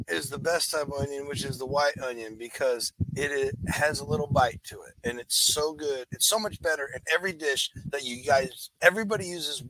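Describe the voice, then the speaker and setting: A man's voice: a little high, a little fast, hardly any pauses, sharp tone. A man co-hosting a podcast, rambling and defensive in casual banter. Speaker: podcast co-host. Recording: noisy recording with background hiss.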